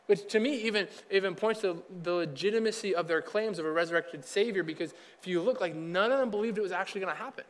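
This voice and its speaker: Quick chatty pastor guy, highish voice, echoing church hall. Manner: chatty, acts out dialogue in quick asides. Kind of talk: casual conversational sermon.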